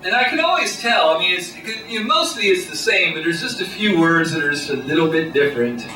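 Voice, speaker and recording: A man doing a stand-up comedy set on a small club stage, with a deadpan, halting delivery full of pauses. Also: fairly high pitch. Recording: echoey room, distant mic, noisy. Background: audience laughter.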